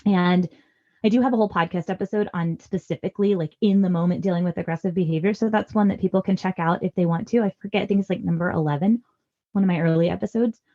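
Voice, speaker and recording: A woman in her thirties appears as a parenting guest expert in a podcast conversation, offering earnest, reassuring advice and softly acting out lines a parent might say. She talks quickly in a lowish voice, and the recording has its highs cut off.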